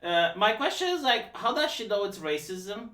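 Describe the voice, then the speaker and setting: A high, bright male voice that mocks with dry sarcasm and trips over his own words as he restarts. He sits back from the mic in a room that echoes noticeably. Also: sing-song, normal speed, far from the mic. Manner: sarcastic, mocking, stammering restarts. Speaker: live-stream host. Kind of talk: casual live-stream commentary.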